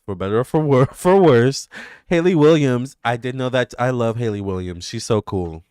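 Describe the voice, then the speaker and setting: A man, hosting live tarot readings and chatting excitedly with viewers. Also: medium pitch, smooth, dry recording, clean studio sound. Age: 30s. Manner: excitable and gushing, quick swings between squeals and murmurs. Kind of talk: casual livestream chat with viewers.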